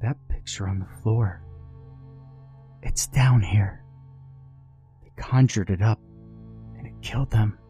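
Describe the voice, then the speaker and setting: A man's voice: fairly low pitch, slow pace, long pauses, dark tone, highs cut off, soft background music. A man voicing a distraught young woman trapped in a cellar, speaking angrily and intensely. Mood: ominous. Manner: angry, intense, near-spitting.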